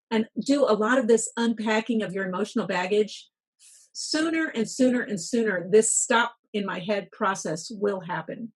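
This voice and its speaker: Husky middle-aged woman coaching. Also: mid-range voice. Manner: storytelling, coaching tone. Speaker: guest, workplace wellness speaker. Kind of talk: podcast interview.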